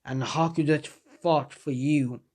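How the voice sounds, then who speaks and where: A man's voice: a little high, fairly even intonation, a little slow, darkish tone, a little hiss or hum, lightly acted. Naruto, a man voicing an indignant young ninja. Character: angry young male ninja hero.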